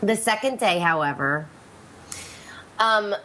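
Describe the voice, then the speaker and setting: A woman's voice: medium pitch, lively intonation, slow pace, pushed and bright, slight background noise. A woman in her forties with a Pennsylvania accent hosts a talk radio show. Her voice is nasal from a cold. She chats in a loose, rambling way and jokes at her own expense. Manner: chatty, self-mocking, rambling. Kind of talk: casual radio chat.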